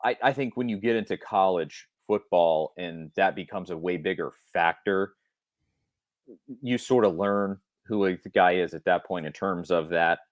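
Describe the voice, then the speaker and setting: Low-voiced man rambling on football. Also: normal speed, no echo. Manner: rambling, thinks aloud, restarts often. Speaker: podcast co-host. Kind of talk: casual sports talk.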